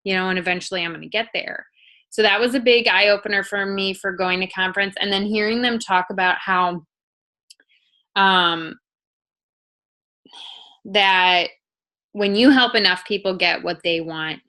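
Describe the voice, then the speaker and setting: A young woman co-hosting a motivational team video call, reflecting earnestly and speaking in quick bursts. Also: mid-range voice, a bit bright. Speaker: team leader and co-host.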